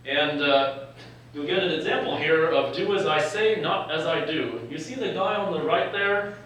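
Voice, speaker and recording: A young Californian doctor and medical educator addresses medical students at a live event, joking and chuckling often. His fairly high, bright voice has lively intonation and a moderate pace, captured from far off in a lecture hall with a little hiss or hum.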